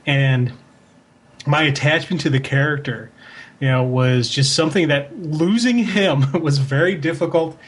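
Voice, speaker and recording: Man, podcast co-host, husky voice, fairly high pitch, emotional, animated chat. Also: measured pace. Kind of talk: casual chat.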